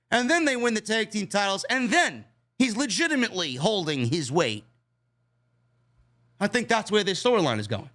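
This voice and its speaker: A man's voice: high-pitched, bright, forceful tone. A man reviewing a wrestling show in a blunt, profane, exasperated rant.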